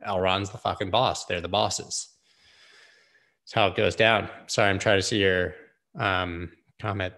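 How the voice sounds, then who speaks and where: Deep-voiced man rambling over charts. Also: fairly even intonation, bright, forceful tone. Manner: joking, rambling, quick asides. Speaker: host of a live charting stream. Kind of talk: casual live-stream chart analysis.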